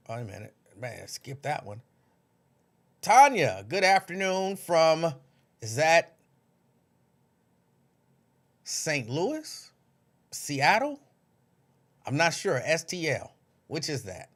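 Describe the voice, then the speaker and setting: Lively-voiced male livestream host. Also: fairly high pitch, slow, long pauses. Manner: conversational, greets viewers by name, loose informal speech. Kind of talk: casual livestream chat, reading viewer comments.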